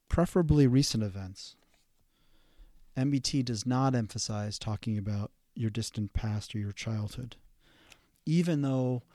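A man, a therapist hosting a podcast, giving an instructional talk in a measured, halting way with fillers and restarts. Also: medium pitch, a little mellow, no echo, studio quality.

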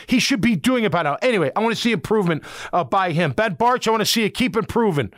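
A man's voice: high voice, animated, fast, a bit bright, no room sound, studio quality. A middle-aged man and former football player hosting a casual sports talk podcast, talking in an emphatic, rambling, fired-up way.

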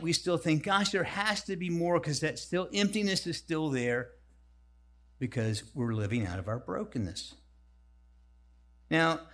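Male guest preacher, slightly high voice, lively self-deprecating storyteller. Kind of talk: sermon.

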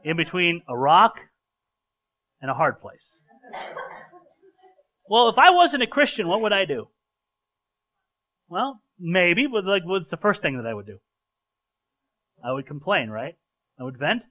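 A man's voice: high voice, big pitch swings, unhurried, long pauses, muffled recording. A man preaching a sermon in an earnest, conversational way, often repeating words as he restarts his sentences. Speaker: pastor. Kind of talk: sermon with a live stage illustration.

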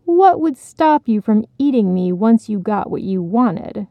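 A stubborn, determined young female frog from a storybook, voiced by a woman speaking slowly and warily. The sound is dull and lo-fi, with no room echo. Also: medium pitch, sing-song. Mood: wary. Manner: wary, eager.

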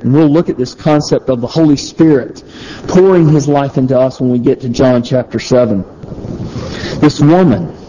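A man preaching a sermon, teaching through a Bible passage in a conversational way, pausing and restarting phrases as he thinks aloud. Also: on the high side, mellow, a little hiss or hum, rough recording.

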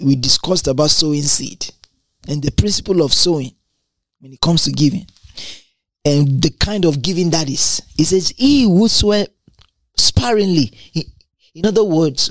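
Explaining the Bible verse by verse, a woman teaches in an excited, exclamatory style, stumbling over and repeating words. Her pitch moves up and down freely, and the close, dry recording has no room sound.

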